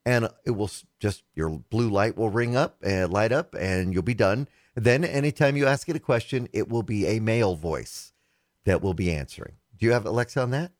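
A chatty male tech podcast co-host whose pitch swings up and down as he talks. He teases his partner and laughs easily. The sound is close and dry, with no room around it. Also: lively intonation, moderate pace, no room sound. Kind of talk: casual podcast chat.

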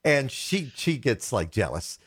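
A man's voice: mid-range voice, sing-song, unhurried, husky, no echo, clean studio sound. A man co-hosting a tech podcast in casual chat, teasing and laughing easily. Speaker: tech show co-host.

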